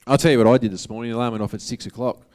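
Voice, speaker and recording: A motivational speaker with an Australian accent gives a talk to an audience in a casual, earnest, conversational way. His medium-pitched, slightly mellow voice holds a steady tone while he races along.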